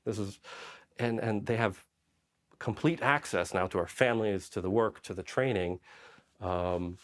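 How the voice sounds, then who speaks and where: Man, from Poland, lower voice, special forces medic, casual interview storytelling, rambling fillers. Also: unhurried. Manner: rambling, with frequent "like" and "right?".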